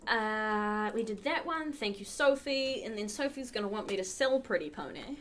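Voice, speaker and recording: A woman with an expressive, slightly bright mid-range voice talks at a normal speed, with a little hiss or hum in the audio. Hosting a charity livestream, she plays a game at her computer while chatting casually with viewers in the chat.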